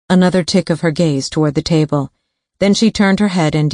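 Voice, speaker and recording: A woman reading a thriller audiobook in a steady, even narration on a studio mic. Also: fairly low pitch, brisk, no echo.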